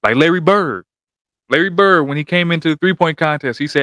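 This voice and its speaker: A man's voice: a little high, fairly quick, no echo. Trash-talking man reacting to a debate. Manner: animated trash-talking slang. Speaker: reaction video host. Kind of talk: casual reaction commentary.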